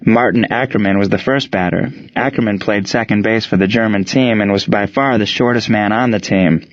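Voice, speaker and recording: Male narrator, low voice, steady storytelling read, dry and slightly muffled recording. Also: brisk, no echo. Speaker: audiobook narrator. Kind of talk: scripted narration.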